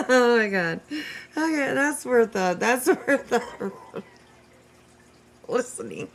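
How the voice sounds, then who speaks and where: A woman's voice: a little high, lively intonation, takes it slowly, creaky. A woman hosting a casual reaction commentary, profane and exasperated, laughing often as she reacts to clips. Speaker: host reacting to stream clips.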